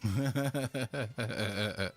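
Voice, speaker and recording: A man streaming a card game live, loud and playful, laughing and breaking into sudden high shouts and mock-preachy lines. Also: very slow, creaky, soft background music. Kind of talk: live gameplay commentary.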